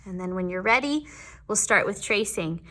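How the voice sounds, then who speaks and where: A woman teaching young children their letters in a patient, sing-song way, sounding out each letter slowly. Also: mid-range voice, lively intonation, fairly bright tone, slight background noise. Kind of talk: teaching a children's alphabet lesson.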